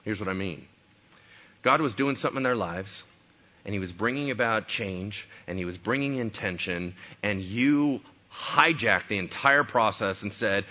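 A man's voice: fairly low pitch, moderate pace, pushed and bright, dull audio. A man preaching a sermon in a conversational way, full of rhetorical questions. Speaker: pastor.

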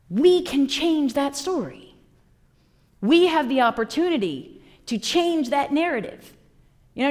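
A woman in her thirties or forties preaching a sermon, telling the story with lively asides and acted-out voices. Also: sits high. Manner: animated storytelling, acting out voices.

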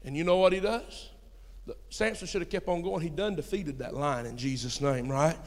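A pastor with a high, ringing voice preaches in a church hall, where long reverb trails every phrase. He drops to a hushed storytelling tone, then climbs to shouted emphasis and keeps calling out questions to the people in the pews. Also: moderate pace. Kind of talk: sermon. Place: church sanctuary.

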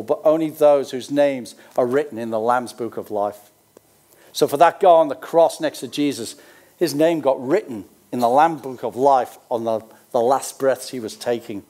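An older Australian man preaches with a notably high-pitched voice. He reads scripture aloud, then drifts into relaxed, homespun asides to his congregation, keeping the sermon conversational. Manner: conversational, with folksy asides between scripture readings. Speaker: pastor.

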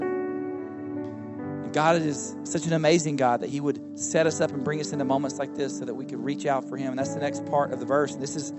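A middle-aged man, a pastor preaching a sermon in a relaxed, conversational way, often asking the congregation questions. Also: medium pitch, fairly quick, over loud music. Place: church service.

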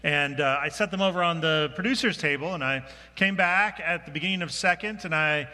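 Bright-voiced male pastor in a reverberant church. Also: a little high, a little fast. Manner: self-deprecating, conversational, with restarts. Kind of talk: sermon. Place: church sanctuary.

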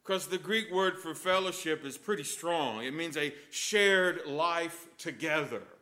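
A male priest preaching a sermon with lively storytelling and emphatic points. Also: on the high side, a little slow.

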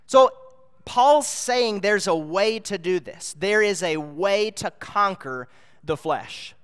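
A man's voice: high voice, expressive, takes it slowly, fairly bright tone, clean tone. A man preaching a sermon, earnest and explanatory, building to emphatic peaks. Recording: long hall reverb.

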